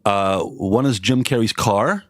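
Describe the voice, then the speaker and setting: A man co-hosting a podcast, reading a sardonic film review and then chatting with dry, deadpan humor. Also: lowish voice, unhurried, dry recording. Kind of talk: scripted review read aloud, then casual chat.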